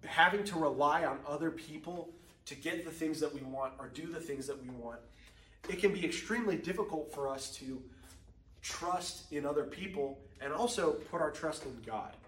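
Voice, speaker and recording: A man's voice: a little high, moderate pace, fairly bright tone, slight background noise. Young male preacher in an echoey room. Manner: casual storytelling with frequent ums. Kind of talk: sermon with personal story. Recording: echoey room, mic at a distance.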